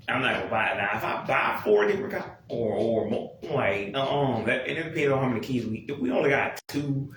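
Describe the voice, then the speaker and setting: A man's voice: mid-range voice, a bit bright. A young man giving a blunt, profane, rambling rant about a music album, exasperated and casual. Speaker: music commentator. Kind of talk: casual ranting commentary. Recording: very echoey room, distant from mic, faint noise.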